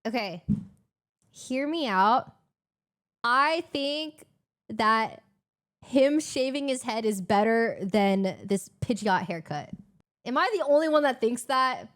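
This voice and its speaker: A young woman streamer chatting casually, animated and expressive, laughing and swearing freely. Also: fairly high pitch, slow, pauses often. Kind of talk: casual live-stream chat.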